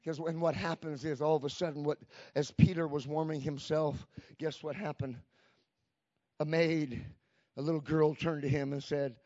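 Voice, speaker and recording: A man preaching a fervent sermon as pastor, calling out "come on" to the church and swinging between shouts and hushed lines. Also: a little high, fairly even intonation, normal speed, dry recording. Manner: fervent preaching with repeated "come on" call-outs. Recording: dull lo-fi, dry sound.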